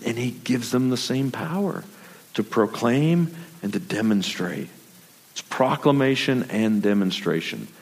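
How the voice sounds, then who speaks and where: A man's voice: deep voice, gravelly, a little mellow. A man preaching a sermon in a loose, conversational storytelling manner and sometimes repeating his words. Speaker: pastor. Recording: long reverb of a large hall.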